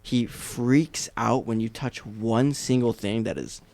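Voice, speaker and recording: A young man co-hosting a casual podcast, animated and laughing often, acting out quotes in high voices. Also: takes it slowly, gravelly. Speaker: podcast co-host. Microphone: podcast mic.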